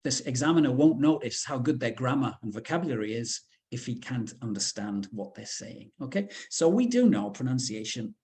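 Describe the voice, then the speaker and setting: Lively, chatty man from the UK. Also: medium pitch. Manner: chatty, frequent "okay" and "uh" fillers. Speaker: teacher trainer. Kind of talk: webinar presentation.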